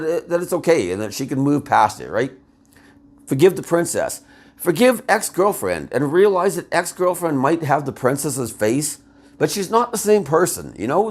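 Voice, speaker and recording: A man commentating casually, retelling a story with laughs and rambling asides. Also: medium pitch. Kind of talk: casual video essay retelling.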